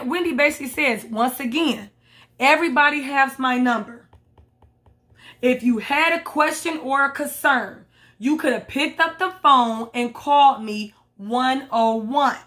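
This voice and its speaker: A woman's voice: sits high, a bit bright. Sassy, cussing woman recapping reality TV. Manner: sassy, blunt, swears a lot. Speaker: reality TV reviewer. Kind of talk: casual recap commentary.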